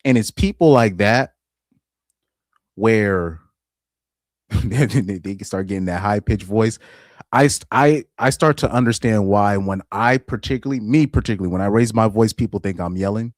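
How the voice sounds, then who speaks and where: Deep voiced guy chatting on his stream, repeats himself a lot, dry close mic. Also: moderate pace, no echo. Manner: loose and rambling, repeats words, laughs often. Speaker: livestream host reading chat. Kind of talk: casual live-stream commentary.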